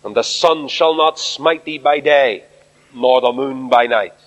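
A man's voice: mid-range voice, a little slow, fairly bright tone. An Irish man preaching a sermon, emphatic and speaking straight to his congregation. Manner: emphatic, addresses the congregation directly. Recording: dull recording in a reverberant hall.

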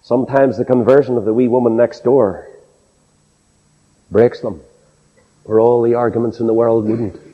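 A man with a Northern Irish accent preaching a sermon, telling stories with folksy asides and dropping from high exclaims to low confiding tones. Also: steady tone, moderate pace, pauses often. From Northern Ireland. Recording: dull lo-fi tape in a reverberant hall.

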